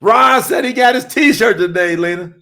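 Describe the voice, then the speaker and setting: A man preaching on a livestream, fiery and emphatic, rising to shouts, then chatting loosely with his viewers between points. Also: high-pitched, normal speed. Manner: addresses the audience as y'all, loose and conversational between points. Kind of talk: livestream sermon and chat with viewers.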